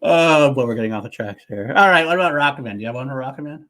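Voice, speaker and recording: A man's voice: mid-range voice, expressive, racing, a bit bright. A man co-hosting a podcast, chatting casually and laughing often. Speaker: podcast co-host. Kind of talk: casual chat.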